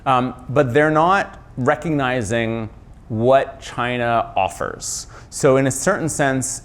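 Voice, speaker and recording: A middle-aged man, an author, speaking in a conversational interview with quick asides and self-corrections. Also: medium pitch. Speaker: author and journalist guest.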